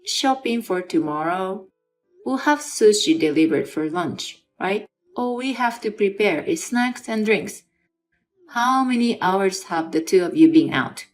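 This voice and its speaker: A stern aunt scolds her nephew in a firm, no-nonsense way, voiced by a woman reading a dramatized story. The voice sits at a middle pitch. The delivery is steady and measured. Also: soft background music, lightly acted.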